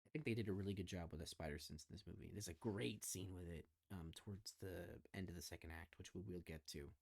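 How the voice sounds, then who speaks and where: A man's voice: low voice, fast talker, creaky, a little mellow, no echo. A man co-hosting a podcast, chatting casually about a movie and retelling its scenes, often slipping into the characters' lines. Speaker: podcast co-host. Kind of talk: casual film discussion.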